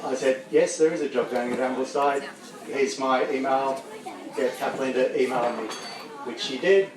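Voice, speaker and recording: A man giving a rambling, self-deprecating speech to a crowd, getting choked up. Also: mid-range voice. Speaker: speaker at a farewell gathering. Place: large room with a crowd. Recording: echoey hall, mic from far off.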